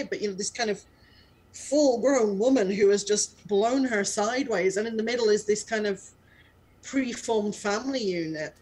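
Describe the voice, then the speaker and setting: A woman's voice: mid-range voice, normal speed, darkish tone, poor audio. A woman, an actor, chatting and laughing through many fillers and restarts in a casual interview over a video call. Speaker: actor in the radio play.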